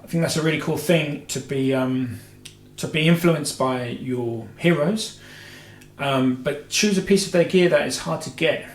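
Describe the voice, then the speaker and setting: A man's voice: a little high, a little slow. A man hosting a guitar show, answering viewer questions in a rambling casual chat full of filler and restarts. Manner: rambling, heavy with filler "you know"s and self-corrections. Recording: roomy echo with faint music.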